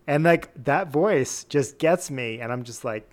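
A man's voice: fairly high pitch, expressive, unhurried, hardly any pauses. A man co-hosting a podcast, chatting casually in a playful, jokey way. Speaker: podcast co-host. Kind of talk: casual chat.

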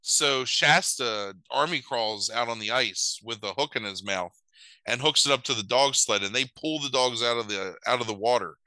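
Animated, swearing man retelling a movie. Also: moderate pace, dry recording, rough recording. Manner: animated, swears a lot, jumps into silly high voices for characters. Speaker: podcast host recapping a movie. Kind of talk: casual comedic chat.

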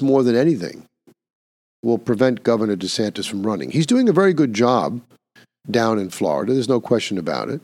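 An older man with a lowish voice delivers a podcast opinion monologue. He speaks emphatically and scornfully, stressing his points as he talks through them. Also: darkish tone. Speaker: podcast host.

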